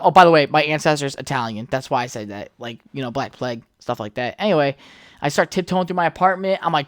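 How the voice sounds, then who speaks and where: A young adult podcast host tells a loose, meandering story on their own, cursing freely and drifting into side remarks. The voice sits at a mid pitch and is recorded close and dry, with no room sound around it. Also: dry recording. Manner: rambling, heavy swearing, chatty asides. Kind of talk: casual solo podcast storytelling.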